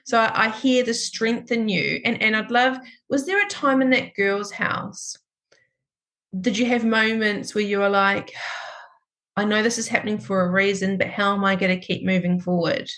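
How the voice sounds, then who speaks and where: A podcast host in her forties, with a medium-pitched, fairly bright voice at normal speed, conducts a conversational interview. She speaks reflectively, thinking aloud and affirming her guest.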